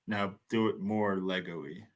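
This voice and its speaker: American man, very low voice, casual watchalong banter, frequent laughs. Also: fairly even intonation, measured pace. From United States. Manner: laughs often, loose rambling banter. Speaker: watchalong co-host. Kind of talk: casual match commentary chat.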